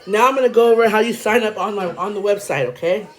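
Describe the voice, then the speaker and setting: A woman vlogger explaining a money program in casual talk, reading figures quickly with chatty asides to viewers, a little out of breath. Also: medium pitch.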